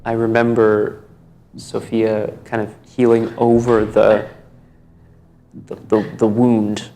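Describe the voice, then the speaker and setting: A man playing a tabletop game, talking in a hesitant, halting way. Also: lowish voice, completely flat delivery, dark tone, a little hiss or hum. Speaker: player. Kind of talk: casual tabletop game chat.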